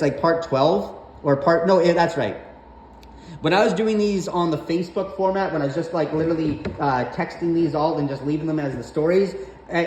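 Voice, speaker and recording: A storyteller vlogger tells stories about his mother in a casual, rambling, exasperated rant laced with swearing. His voice is slightly high and a bit mellow, recorded with a roomy echo and faint background noise.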